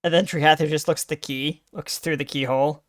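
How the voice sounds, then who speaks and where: A man's voice: fairly high pitch, fairly even intonation, fairly quick, dry recording, clean studio sound. A man playing a tabletop game, plainly narrating his character's actions. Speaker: player.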